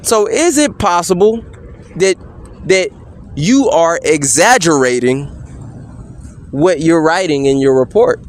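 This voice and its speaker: High-voiced man pressing pointed questions. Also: expressive. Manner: pointed leading questions, repeatedly asking "correct?"; measured, insistent. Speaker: person questioning a police officer. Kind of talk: courtroom-style cross-examination.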